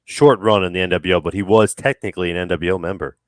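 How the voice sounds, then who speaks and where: Very low-voiced man chatting. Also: fairly even intonation, quick pace, no room sound, clean studio sound. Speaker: podcast co-host. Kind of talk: casual chat.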